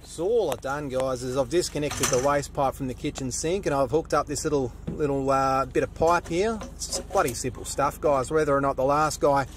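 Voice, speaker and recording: A man's voice: medium pitch, moderate pace, hardly any pauses, slight background noise. A man with an Australian accent hosting his drain-cleaning vlog, talking to camera in a blunt, matey way and swearing casually. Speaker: drain cleaner and channel host.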